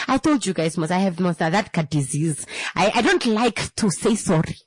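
A chatty woman hosts her radio show from a dry, close studio. She talks in an emotional, repetitive way and laughs often. Her pitch sits in the middle for a woman. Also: expressive, moderate pace, husky, dry recording. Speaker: radio talk show host. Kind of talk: casual radio chat.

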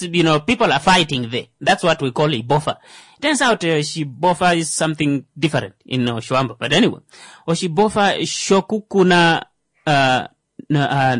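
A man with a Namibian accent hosts his own commentary show. He reads a news article aloud, stumbles over the words and drops joking asides. His voice is a touch higher than most men's and sounds close and dry. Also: no echo. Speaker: show host.

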